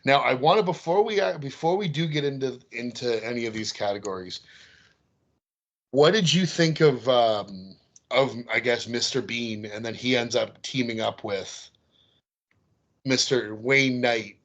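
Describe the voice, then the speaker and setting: A man's voice: medium pitch, a little slow, lo-fi sound. Guy cohosting a movie podcast, chatty, keeps cracking up at scenes. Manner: animated, laughs while retelling scenes. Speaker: podcast co-host. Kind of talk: casual chat.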